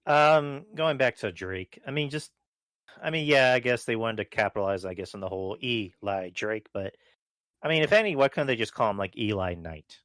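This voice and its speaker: A man's voice: medium pitch, lively intonation, moderate pace, fairly bright tone, no echo. A man guest on a podcast, chatting offhandedly and hedging his opinions, with casual swearing. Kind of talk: casual wrestling podcast chat.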